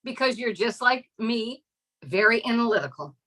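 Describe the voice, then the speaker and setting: Woman guest, bright voice, halting, repeats herself. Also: fairly high pitch, animated, rough recording. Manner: halting, repeats phrases, searches for words. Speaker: community member, guest. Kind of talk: casual live Q&A.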